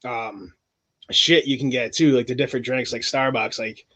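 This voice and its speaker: A man's voice: medium pitch, fairly even intonation, normal speed, sharp tone. Laughing, swearing young man co-host. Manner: loose, profane, laughs often. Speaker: podcast co-host. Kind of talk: casual chat.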